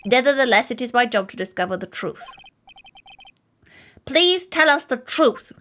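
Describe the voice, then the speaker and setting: A woman voicing an old male judge who is kindly but pompous and booms his lines. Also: lively intonation, normal speed, a bit bright, a little hiss or hum. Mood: stern. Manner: booming, grandfatherly. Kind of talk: live-stream game dub.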